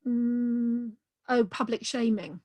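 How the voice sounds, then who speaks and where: A woman's voice: fairly high pitch, fairly even intonation, slow, darkish tone, dry recording. A woman author talking enthusiastically about her books in a casual video-call interview, with many "um"s. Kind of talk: casual conversation.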